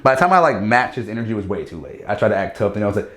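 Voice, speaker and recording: A low-pitched man tells a story at a rapid clip, animated and slipping into other people's voices as he quotes them. The sound carries an echoey room around it. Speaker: stand-up comedian, guest. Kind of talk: casual storytelling chat.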